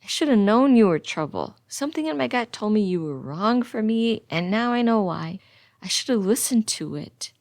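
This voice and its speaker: A woman's voice: medium pitch, animated, normal speed, darkish tone, dry recording, studio quality, close to an everyday voice. A woman reading the lines of a man who is breaking off a relationship in disgust, in a firm, blunt way. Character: troubled man ending a relationship.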